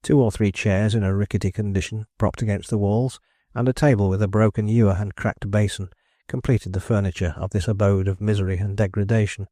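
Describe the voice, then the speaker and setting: A man reading a novel aloud as an audiobook narrator, in measured, deliberate scripted narration. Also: on the low side, steady tone, warm tone, no echo, clean studio sound.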